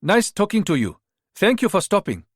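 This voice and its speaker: A woman's voice: medium pitch, sing-song, moderate pace, slightly rough, no room sound, studio quality, pitched above the performer's own voice. A man voicing a young female undercover agent who speaks in a Ghanaian accent, polite and deferential. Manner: polite, deferential, asks for work.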